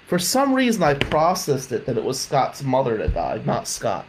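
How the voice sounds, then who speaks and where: A man's voice: mid-range voice, wildly swooping pitch, moderate pace, few pauses, rough recording. A man telling his own life story with candor, rambling and swearing when upset, a faint hiss behind him. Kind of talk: emotional personal storytelling. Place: jail visiting room.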